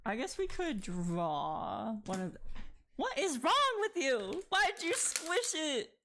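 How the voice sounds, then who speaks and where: A playful woman chats slowly and loosely while she draws on a live stream. Her voice sits a little high. She laughs often and swears freely as she talks with a friend and her viewers. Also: sing-song, a bit bright, a little hiss or hum. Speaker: art streamer. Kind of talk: casual chat while drawing on stream.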